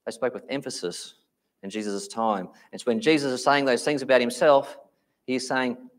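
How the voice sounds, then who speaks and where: Man, preacher, sermon, emphatic, slows on key phrases, medium pitch. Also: fairly even intonation.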